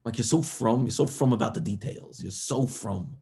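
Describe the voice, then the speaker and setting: A man speaking as a guest rabbi, telling a story in a lively way that builds to a raised, passionate voice. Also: medium pitch, normal speed, few pauses. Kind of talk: storytelling talk.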